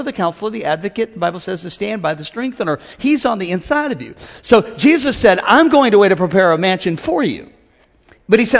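A man's voice: high-pitched, in a large hall. A middle-aged man preaching a humorous sermon in a church, playful and joking, acting out voices and calling on the crowd to respond. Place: large church sanctuary.

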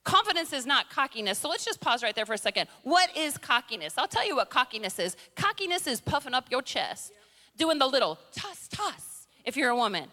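A woman's voice: sits high, sing-song, a little fast, sharp tone. A middle-aged woman preacher giving a sermon in a humorous, conversational way, full of playful impressions. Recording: long reverb in a large hall.

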